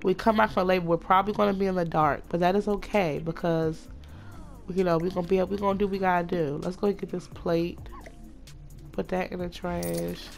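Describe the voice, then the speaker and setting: A woman's voice: on the low side, a little fast, creaky, soft background music. Chatty woman narrating her life-sim game. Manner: chatty, excitable, talks to viewers. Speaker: let's play host. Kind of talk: casual gameplay commentary.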